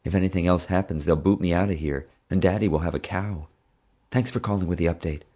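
A man with a deep voice voicing a bold, teasing young girl who talks eagerly and asks endless questions in a storybook reading. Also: quick pace, warm tone. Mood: hushed.

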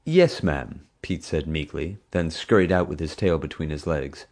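A man narrating an audiobook in a lively, expressive storytelling manner. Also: extremely low pitch, moderate pace. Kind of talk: scripted narration.

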